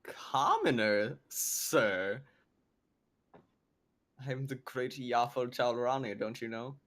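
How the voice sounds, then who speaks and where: A man's voice: medium pitch, big pitch swings, takes it slowly, fairly bright tone. A man voicing an arrogant male elf adventurer who speaks in a boastful, taunting way.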